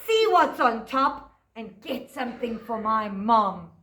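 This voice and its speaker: A woman voicing a nosy, greedy young boy who thinks to himself quietly in a storybook reading. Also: on the high side, expressive, takes it slowly, roomy sound, recorded from a distance, exaggerated voice. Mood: scheming.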